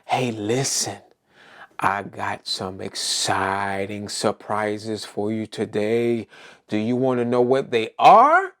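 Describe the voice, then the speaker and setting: A man's voice: on the low side, lively intonation, takes it slowly, fairly bright tone. A man hosting a preschool circle time lesson, cheerfully asking young children and puppets questions.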